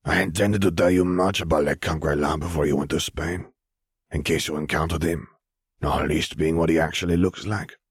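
Stern wizard boss, read by a man, deep, measured, clipped, dry close sound. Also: steady tone, breathy edge, no echo, full character voice.

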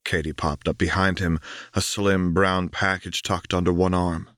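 A man narrating an audiobook in a calm, measured way. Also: low voice, no room sound, studio quality.

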